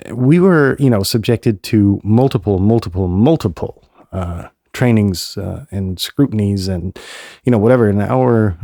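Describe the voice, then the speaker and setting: Low gravelly guy hosting his podcast, rambly and blunt, dark mellow tone. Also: no room sound, studio quality. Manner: rambling, many filler sounds, blunt and profane. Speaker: podcast host. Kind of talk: casual solo podcast monologue.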